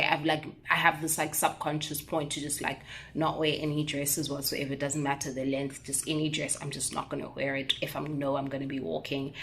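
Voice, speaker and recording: Animated South African woman vlogging. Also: on the low side. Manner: animated storytelling, indignant and expressive. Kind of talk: casual vlog talk to camera.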